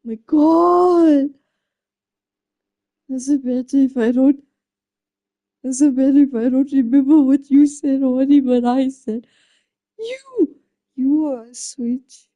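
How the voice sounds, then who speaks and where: A woman's voice: sits high, slow pace, long pauses, dark tone, lo-fi sound. A woman live streamer chatting casually, flustered and exclaiming often as she laughs through her reactions. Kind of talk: casual chat.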